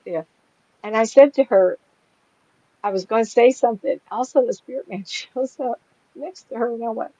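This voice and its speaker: An older woman, a psychic medium, telling anecdotes in a chatty, animated way and laughing often as she talks. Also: on the high side, a little fast, dry recording. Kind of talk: casual storytelling in an interview. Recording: dry, slightly dull lo-fi sound.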